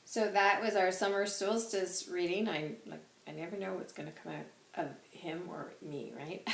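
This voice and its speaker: A woman host giving a channelled spiritual reading, talking slowly and softly with meditative pauses and hesitations. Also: fairly low pitch, creaky. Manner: slow, soft and meditative, with hesitations. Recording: roomy echo with faint background noise.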